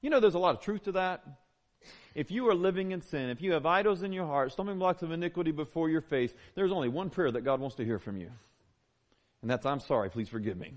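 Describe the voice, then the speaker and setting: Emphatic pastor preaching. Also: male voice, fairly high pitch, lively intonation, fast talker. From Southern United States. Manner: conversational, emphatic preaching with repeated phrases. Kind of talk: sermon. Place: church.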